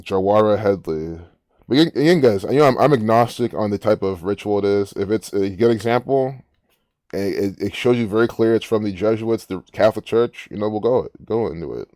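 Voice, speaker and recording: A man's voice: on the low side, fairly quick, darkish tone, dry recording, studio quality. A man hosting a casual commentary, rambling and musing aloud with frequent restarts. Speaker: gematria channel host.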